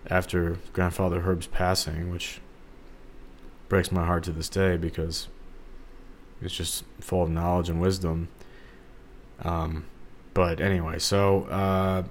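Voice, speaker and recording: A young man from the St. Louis area in Missouri hosts a solo podcast, his deep voice steady and at normal speed. He talks casually and rambles, with lots of fillers and restarts.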